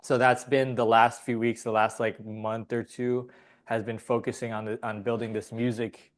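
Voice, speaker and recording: A man's voice: medium pitch, little pitch movement, moderate pace. A man telling a story as a podcast guest, rambling casually, laughing often and swearing freely.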